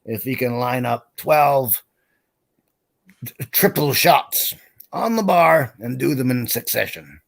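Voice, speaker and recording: A man voicing a brash, boastful Texan man who taunts a pub crowd in a slow, drawn-out voice. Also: medium pitch, expressive, creaky, no room sound, voice pushed up. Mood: taunting.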